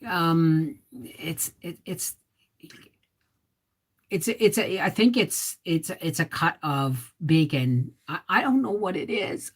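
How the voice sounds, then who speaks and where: A woman's voice: sits low, lively intonation, takes it slowly, breathy edge. A Canadian woman hosting a casual livestream, chatting and reading viewer comments aloud and answering them. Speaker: livestream host.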